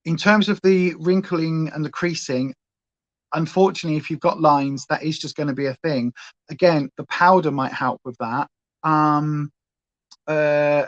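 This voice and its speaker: A woman's voice: low-pitched, no room sound, muffled recording. A woman hosting a casual makeup livestream from home, chatting and going off on tangents. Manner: chatty, rambling, goes off on tangents. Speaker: beauty livestream host.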